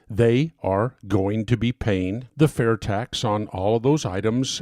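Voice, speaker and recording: A man's voice: on the low side, a little mellow, no room sound. Worked-up guy ranting on his own show, punchy stresses, dry close mic. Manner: emphatic, building to fired-up bursts. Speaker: talk radio host. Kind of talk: impassioned monologue. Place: home studio.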